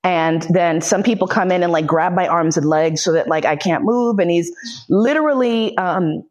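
A podcast host recounts a personal story with blunt, profane candor, stumbling through fillers and restarts. They act out other people's lines as they go, in a mid-pitched voice that sits neither high nor low. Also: normal speed. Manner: blunt, profane, with frequent fillers and self-interruptions; vivid re-enactment of other people's speech. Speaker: podcast host giving a lecture.

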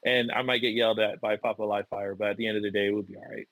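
A man's voice: fairly low pitch, flat delivery, racing, a bit bright, no echo, poor audio. A young man co-hosting a podcast, telling stories in a rambling casual way and laughing often. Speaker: podcast co-host. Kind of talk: casual chat.

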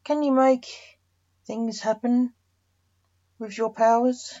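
A woman's voice: fairly high pitch, steady tone, takes it slowly, warm tone, voice pushed up. A woman voicing a pushy male prosecuting barrister who presses the defendant with needling questions, in a storybook reading. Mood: probing. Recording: dull lo-fi recording.

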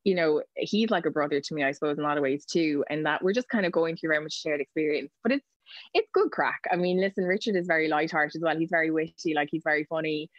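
Fast-talking Irish woman, chatty. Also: low voice, dry recording, lo-fi sound. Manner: chatty, quick anecdotes, laughs often. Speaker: guest, news reporter. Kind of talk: casual podcast interview.

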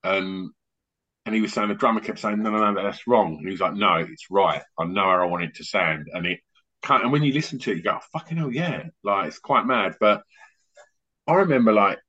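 A middle-aged man hosting a podcast on a video call, a rambling, animated storyteller who often restarts his sentences. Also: low-pitched, a little fast. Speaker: podcast host and DJ. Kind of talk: casual chat on an online call. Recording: muffled lo-fi online call audio.

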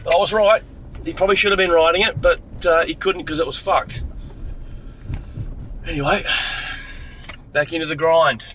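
An Australian man talks in a friendly, easygoing way from the driver's seat of a car. His voice sits a little high for a man. He keeps up relaxed, slangy chat with his passenger. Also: normal speed, long pauses, slight background noise. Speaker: rideshare driver and vlog host. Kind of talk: casual chat while driving. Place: inside a car.

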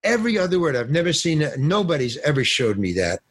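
An older man spins a casual anecdote in a slightly raspy voice that sits a bit high. His pitch swings widely as he acts out the people in his story, and he drops slang and the odd curse word. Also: fast. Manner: animated storyteller, acts out other people's lines; swears and uses casual slang. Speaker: guest actor.

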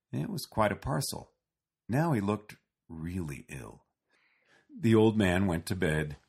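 A man reading a children's storybook aloud in a slow, gentle way. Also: fairly low pitch, breathy edge. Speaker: narrator.

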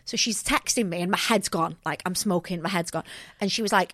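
Co-hosting a podcast, a young woman with a lowish voice chats casually at a slightly quick pace. She's an animated storyteller who performs the quotes in her anecdotes.

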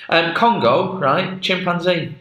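A man's voice: high voice, takes it slowly, fairly bright tone. A man co-hosting a podcast, telling a rambling, jokey story with lots of fillers. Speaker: podcast co-host. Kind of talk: casual chat. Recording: echoey room.

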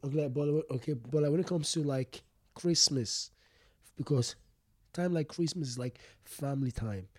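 Young guy, comedian guest, stop-start talk, higher-ish voice, dry close sound. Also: dry recording. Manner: halting, repeats words, frequent "you get me", laughs often. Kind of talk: candid interview conversation.

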